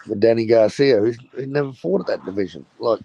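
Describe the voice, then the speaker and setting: A man's voice: medium pitch, brisk, vocal fry, warm tone, lo-fi sound. A man with an Australian accent talking boxing in casual chat, blunt and swearing freely.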